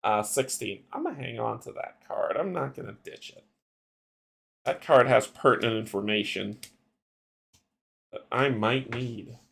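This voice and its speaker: A man's voice: medium pitch, a little slow, creaky, long pauses, a bit bright, slightly rough. A man casually playing a solo card game adventure, thinking aloud and laughing often. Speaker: game player.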